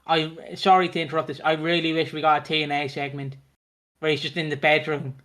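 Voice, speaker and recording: A man's voice: on the high side, flat delivery, a little fast, a bit bright. A man co-hosting a casual chat, recapping a soap opera, laughing often and acting out the characters' lines. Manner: chatty, laughing, swearing, acts out characters' lines.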